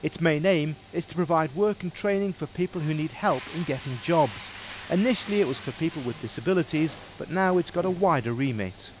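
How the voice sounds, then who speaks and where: A man's voice: on the high side, animated, a little fast, hardly any pauses, noisy background. A male TV presenter narrating a local business show and bantering with his co-host. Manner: chatty, teasing banter with co-host.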